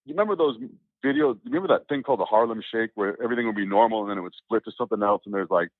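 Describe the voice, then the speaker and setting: A man telling a long story in casual chat, rambling and animated, with many restarts and acted-out quotes. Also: fairly low pitch, racing, gravelly, no room sound. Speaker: interview guest. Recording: tinny phone-like line, dry.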